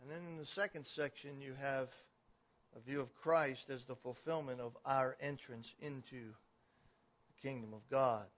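A man preaching a sermon, building from steady explanation to loud, emphatic declarations. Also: mid-range voice, measured pace. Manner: swells to emphatic, raised declarations. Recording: dull, lo-fi recording.

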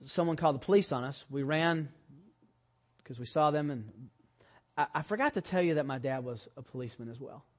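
A man preaching a sermon, telling a personal story and rising to loud, emphatic preaching. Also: mid-range voice, brisk, highs cut off. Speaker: pastor.

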